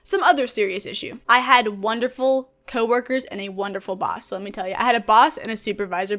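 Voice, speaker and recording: A young woman in her twenties chatting enthusiastically in a casual vlog about her past jobs. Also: a little high. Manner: chatty, enthusiastic, animated storyteller. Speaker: gaming YouTuber and streamer.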